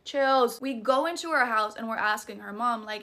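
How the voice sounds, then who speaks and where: A woman's voice: on the high side, moderate pace, sharp tone. A woman with a Southern US accent telling a spooky personal story in a chatty, profane, dramatic way. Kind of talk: casual storytime vlog.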